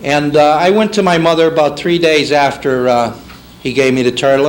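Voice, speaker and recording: On a low-quality 1991 banquet tape with faint room noise, a man emcees in a banquet hall and tells comic stories, animatedly slipping into other voices, including a child's and his mother's. His voice is a little high and a little fast.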